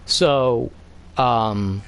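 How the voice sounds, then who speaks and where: A man's voice: mid-range voice, drawn-out words, smooth. A man streaming a video game, rambling in casual chat with heavy swearing and lots of fillers.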